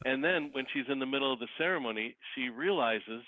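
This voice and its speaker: A man speaks as a guest over a thin, phone-like line with a dry, close sound. He tells his stories with lively energy and acts out the voices of the people in them. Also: medium pitch, brisk, no room sound. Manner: lively storyteller who acts out quoted voices. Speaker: guest, wedding officiant and celebrity impersonator. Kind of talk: casual interview storytelling.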